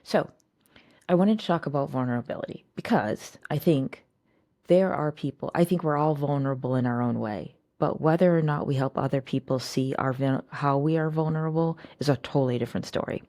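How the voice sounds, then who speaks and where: A woman with a strikingly deep voice talks to her viewers in a chatty, reflective way. Her tone is mellow and warm, and the recording is close and dry with no room sound. She keeps asking her audience rhetorical questions. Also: brisk, dry recording. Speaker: host. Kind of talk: casual personal talk to camera.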